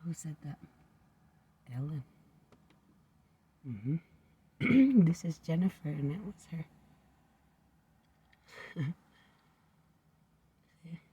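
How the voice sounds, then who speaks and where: A man's voice: a little high, extremely slow, long pauses, warm tone, slightly rough. A man rambling into a home recording, drifting from topic to topic and often sinking to a near-whisper.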